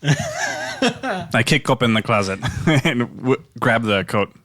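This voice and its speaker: Bright-voiced man playing a haughty dragon. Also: medium pitch, wildly swooping pitch, takes it slowly. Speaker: player. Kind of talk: tabletop role-play.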